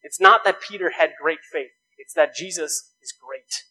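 Man, pastor, sermon, high-pitched voice, earnest, rhetorical questions. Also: moderate pace, bright, forceful tone, slightly rough, poor audio.

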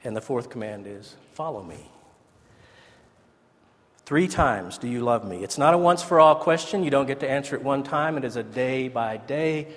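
A man's voice: mid-range voice, brisk, few pauses. A man giving a conversational, earnest ordination sermon as pastor in a church. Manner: conversational, earnest, with asides and restarts. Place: church sanctuary. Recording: church sanctuary with long reverb.

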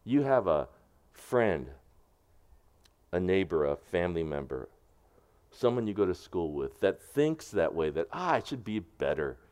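Guy pastor w/ preaching, voice bouncing all over, drops quiet then punches it. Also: deep voice, sing-song, measured pace, long pauses, clear, resonant tone. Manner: preaching with swings between hushed and emphatic. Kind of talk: sermon.

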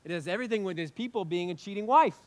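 A man's voice: high-pitched, lively intonation, rapid-fire. Earnest man preaching a sermon. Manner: earnest, building to loud emphatic passages then dropping to soft prayer. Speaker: pastor. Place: church sanctuary with congregation.

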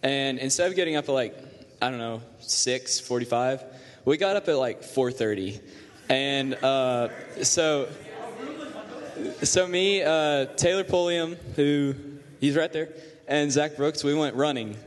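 A man's voice: medium pitch, measured pace. Easygoing teen boy, reverberant hall. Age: teens. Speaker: student telling a story. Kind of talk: casual storytelling to a group.

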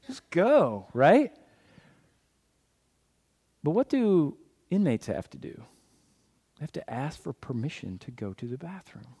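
A man preaching a sermon as a guest pastor. He is animated, asks the audience questions and answers them himself, and jokes in passing. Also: fairly high pitch, measured pace, pauses often, breathy edge.

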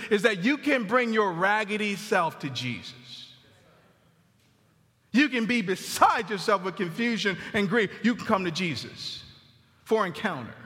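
A man with an extremely high-pitched voice preaches in a church sanctuary in a conversational style. He repeats phrases for emphasis and drops to a soft murmur on tender lines, and the recording carries long hall reverb.

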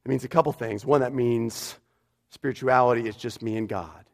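A man's voice: medium pitch, steady tone, moderate pace, gravelly. Man preaching an emphatic sermon. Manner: emphatic, repeats key phrases. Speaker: pastor.

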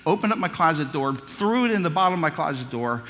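A man's voice: fairly high pitch, animated, fast talker, a bit bright, in a large hall. A man preaching a sermon, telling childhood stories in a folksy, humorous way. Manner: folksy storytelling, humorous asides.

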